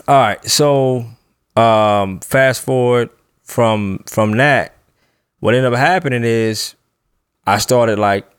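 A man's voice: mid-range voice, takes it slowly, clear, resonant tone, dry recording, studio quality. A young man telling a personal story in a loose, slangy, casual way, often breaking into laughter.

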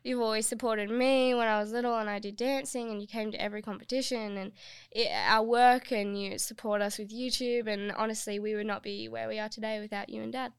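A woman's voice: on the high side, steady tone, a little fast, clear, resonant tone, dry recording, studio quality. A young woman co-hosting a podcast, asking her mum questions in a casual family chat. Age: young adult. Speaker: podcast co-host.

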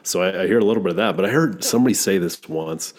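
Husky-voiced male interviewer. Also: sits low, very fast. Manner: reflective, encouraging questions. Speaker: host. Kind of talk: conversational interview.

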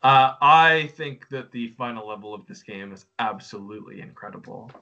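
A man's voice: mid-range voice, normal speed, pushed and bright, highs cut off. A man co-hosting a casual game review podcast, enthusiastic and stumbling over restarts. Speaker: podcast co-host.

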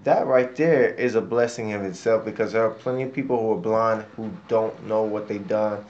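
A man's voice: lowish voice, moderate pace, a little mellow, lo-fi sound, slight background noise. A man speaking encouragingly in a casual faith discussion, with a light joking manner.

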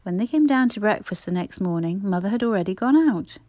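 A woman narrating a classic children's story in a measured, expressive reading. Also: mid-range voice, no room sound, clean studio sound. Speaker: audiobook narrator.

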